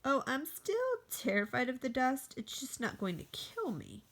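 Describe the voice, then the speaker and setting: A woman's voice: high voice, lively intonation, normal speed. Woman voicing Squirrel, a nervous fussy squirrel. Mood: defensive.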